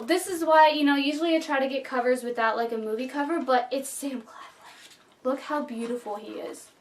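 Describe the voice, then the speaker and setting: A high-pitched woman talks through a book-and-movie review, chatty and openly emotional. Her voice sits a little back from the mic. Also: fairly bright tone, far from the mic. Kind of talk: casual vlog review.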